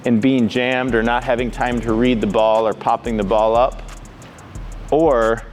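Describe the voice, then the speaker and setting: A man teaching a sport in an instructional video, explaining step by step in a clear, methodical way. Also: mid-range voice, steady tone, unhurried, darkish tone, faint music behind. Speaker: pickleball coach.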